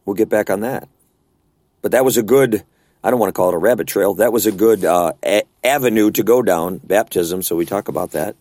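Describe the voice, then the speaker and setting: A man's voice: lowish voice, fairly quick, a little mellow, no room sound. A man leading a casual Bible study discussion, talking earnestly and conversationally and often checking in with rhetorical questions.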